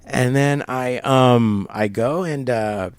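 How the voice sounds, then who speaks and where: A middle-aged man telling a long personal story in an interview at a barbershop, halting and rambling, acting out the people he quotes. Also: medium pitch, smooth, no echo. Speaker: guest.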